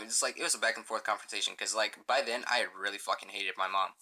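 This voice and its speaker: A man's voice: fairly low pitch, steady tone, fast, hardly any pauses, bright, forceful tone. A young man rambling profanely through a casual storytime as a gaming channel host, full of filler words.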